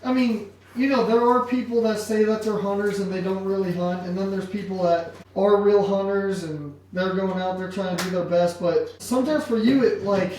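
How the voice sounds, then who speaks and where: A man's voice: high-pitched, normal speed, hardly any pauses, darkish tone. Podcast host guy asking long rambly questions, far from the mic, light background hiss. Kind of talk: casual interview questions. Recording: echoey room, distant mic, faint noise.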